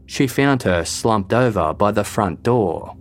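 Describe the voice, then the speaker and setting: A man giving a scripted true-crime narration in a measured, even storytelling delivery. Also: on the low side, faint music behind.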